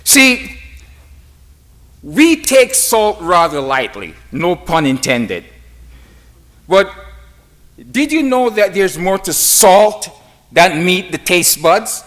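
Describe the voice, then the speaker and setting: Slow, emphatic preacher with lively pitch. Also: male voice. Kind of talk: sermon.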